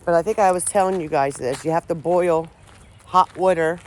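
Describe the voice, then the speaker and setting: A woman's voice: fairly low pitch, moderate pace. A woman vlogging outdoors among trees, talking in a loose, rambling way that is often unsure of itself and full of restarted sentences. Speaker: paranormal vlogger. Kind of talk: casual rambling talk to camera.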